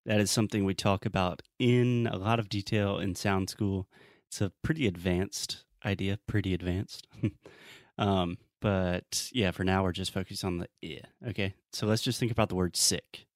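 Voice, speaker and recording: Deep-voiced joking English teacher. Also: male voice, fairly even intonation, normal speed, dry recording, studio quality. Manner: playful, joking coach. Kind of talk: casual pronunciation lesson.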